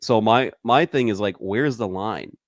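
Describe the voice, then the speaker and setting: A man with a low voice in a relaxed, rambling chat, full of fillers and quick laughs. The recording is dry and close. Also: no echo. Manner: loose and rambling, heavy on fillers, laughs often. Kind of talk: casual chat.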